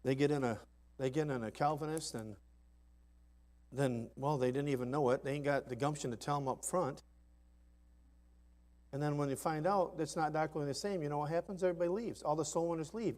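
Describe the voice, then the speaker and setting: A man preaching a sermon in a folksy, emphatic way, dropping to soft asides and rising to loud climaxes. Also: fairly high pitch, brisk. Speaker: pastor. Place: church sanctuary.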